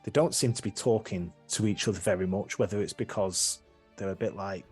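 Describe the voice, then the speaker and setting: A man with a husky voice runs a tabletop game as game master, describing scenes in a rambling, hesitant way. Faint music plays behind him. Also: on the low side, a little fast, darkish tone.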